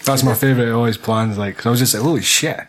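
A man's voice: medium pitch, fairly even intonation, very fast. A Scottish man chatting casually about a film, swearing freely and rambling between thoughts. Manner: sweary, rambling, laughs often.

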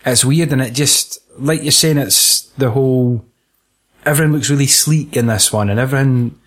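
Man, Scottish accent, husky voice, casual film chat, sweary, jokey. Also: medium pitch, normal speed.

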